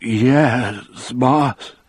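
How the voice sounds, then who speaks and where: Man voicing a scared gentle giant, trembling voice, slow simple words, husky. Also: medium pitch, no echo, pitched above the performer's own voice. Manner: trembling, simple halting speech. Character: huge gentle condemned man, scared and tearful.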